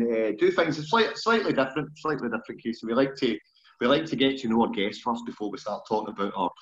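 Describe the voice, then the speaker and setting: A Scottish man in his forties hosts a podcast interview, chatting casually in a self-deprecating way. His voice sits at a medium pitch, and the sound quality is lo-fi.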